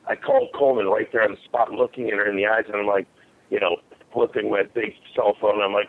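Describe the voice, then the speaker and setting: Low-voiced man on a tinny phone line. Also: fairly even intonation, a little fast. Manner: blunt, rambling, swears freely. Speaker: podcast guest, former fighter. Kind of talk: storytelling in a casual interview.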